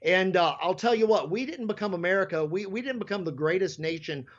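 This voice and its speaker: A man's voice: sits high, brisk, dull audio. A man, a pastor, speaking as an interview guest in a fiery, sermon-like way.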